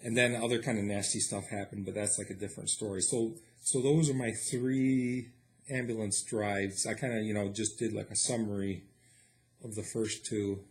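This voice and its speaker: A man vlogging a personal story in a casual, animated way, acting out his own quotes and laughing often. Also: lowish voice, normal speed.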